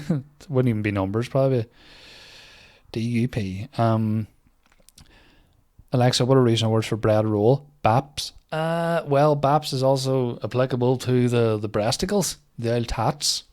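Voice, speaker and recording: Young guy ranting and swearing, jokey podcast monologue, mid-pitched voice. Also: unhurried, a little mellow. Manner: sweary, rambling, mocking. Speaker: comedian podcast host. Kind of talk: casual comedic monologue.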